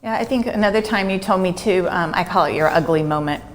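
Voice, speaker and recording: A woman interviewing a guest, asking gentle, prompting questions. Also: fairly low pitch, fast talker, slight background noise.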